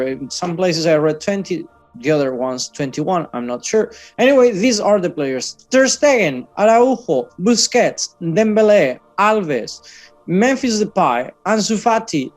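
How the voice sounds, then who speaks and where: A man from Catalonia, chatting casually about football news, often hesitating and correcting himself. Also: high voice.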